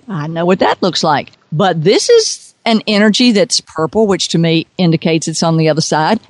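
A woman's voice: mid-range voice, dry recording. A woman working as an intuitive consultant, telling a story with animation and acting out the voices in it. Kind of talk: storytelling on a radio podcast.

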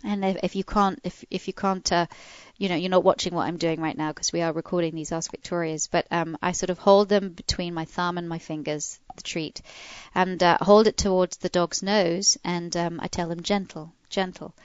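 A woman dog trainer co-hosting a podcast, explaining training tips in an animated, hands-on way with soft coaxing cues. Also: fairly low pitch, normal speed, hardly any pauses, clean tone, dry recording, highs cut off. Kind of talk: casual advice chat.

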